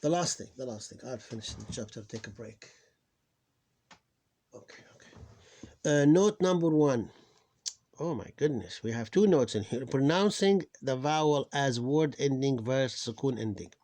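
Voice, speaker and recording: A man at a mid pitch gives an informal reading lesson, pronouncing sounds again and again with patience. He often stops to correct himself, and he sounds tired. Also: lively intonation, mellow, a little hiss or hum. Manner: patient, repeats words slowly, self-correcting. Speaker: Arabic reading teacher.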